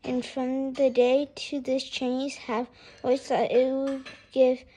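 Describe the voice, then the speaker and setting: A woman reading a children's storybook aloud, in an expressive and lilting way. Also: high-pitched, unhurried, slight background noise.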